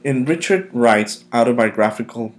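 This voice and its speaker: A man teaching a recorded English vocabulary lesson, drilling pronunciation with clear, emphatic repetition. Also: mid-range voice, animated, moderate pace.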